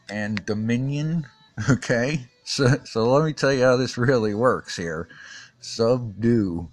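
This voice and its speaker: A man giving a casual Bible lesson while drawing, talking haltingly with many restarts and fillers and chuckling often. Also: medium pitch. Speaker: teacher.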